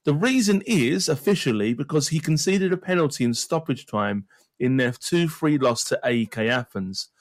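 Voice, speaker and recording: A man's voice: mid-range voice, expressive, normal speed. A man co-hosting a football podcast, reading out listener messages in a laid-back, amused way. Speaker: podcast co-host. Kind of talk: casual football chat.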